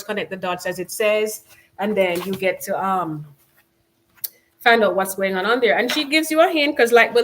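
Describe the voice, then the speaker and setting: A woman from Jamaica with a Jamaican accent, hosting a casual live stream and chatting loosely, with many "you know"s and "like"s. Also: mid-range voice. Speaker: channel host.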